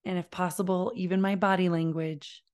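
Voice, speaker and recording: A woman giving a parenting lesson, talking in a calm, deliberate way and modeling slow, low phrases. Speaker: parenting educator. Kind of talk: instructional talk to camera.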